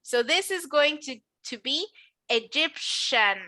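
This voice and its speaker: A woman's voice: sits high, animated, takes it slowly, over a noisy crowd. A woman whose first language is Spanish, teaching English pronunciation in a patient, encouraging classroom drill with careful enunciation.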